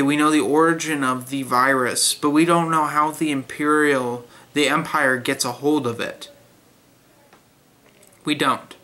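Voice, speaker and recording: A man's voice: a little high, pushed and bright. A young man giving a blunt, critical spoken book review in a casual way, with many fillers and restarts.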